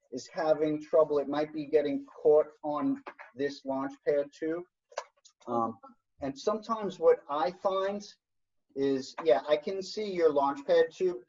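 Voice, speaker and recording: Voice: mid-range voice, a little mellow. An instructor teaching an online science workshop, explaining step by step in an encouraging way over a video call. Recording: dull lo-fi video call audio.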